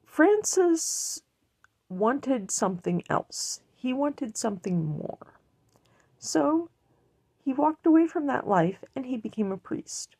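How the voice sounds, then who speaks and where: A woman's voice: sits high, mellow. A woman giving a blunt, earnest personal monologue that rambles and restarts. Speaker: online commentator.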